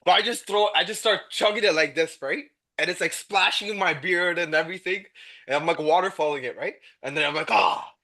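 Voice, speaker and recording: An excitable young man tells stories in a casual podcast chat, his voice bright and sharp-edged and sitting a little high. He swears freely and jumps into acted-out quotes. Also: brisk. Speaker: podcast guest.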